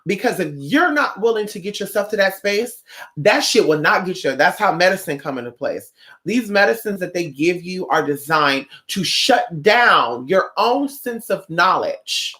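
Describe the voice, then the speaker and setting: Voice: mid-range voice, moderate pace. Sassy potty-mouthed streamer from norcal, chatting and greeting viewers, acts out every story. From Northern California. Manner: sassy, profane, animated storyteller who acts out quotes. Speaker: livestreamer and spiritual shop-goer. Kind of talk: casual livestream chat.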